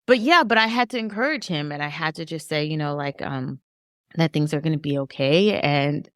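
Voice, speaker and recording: A middle-aged woman professor talking earnestly and emotionally on a podcast, often halting and restarting. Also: deep voice, clean tone, no echo, studio quality. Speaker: professor and author. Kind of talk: podcast discussion.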